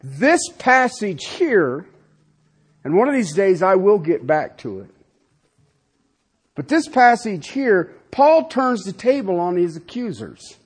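A male pastor delivers a sermon in a high, husky voice whose pitch swings widely. Very animated, he speaks slowly and emphatically, firing off rhetorical questions and checking in with "Okay?" as he teaches.

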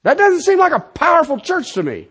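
A middle-aged man preaching a sermon as a pastor, emphatic, swinging between loud declarations and quiet asides. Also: very high-pitched, huge pitch swings, fairly quick.

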